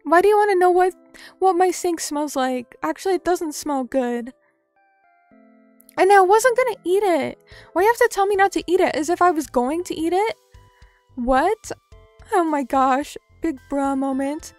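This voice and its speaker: Young woman streamer, high voice, joking around with chat, faint music behind. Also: expressive, normal speed, no room sound. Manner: playful, reads chat aloud, self-mocking. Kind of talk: casual live-stream chat.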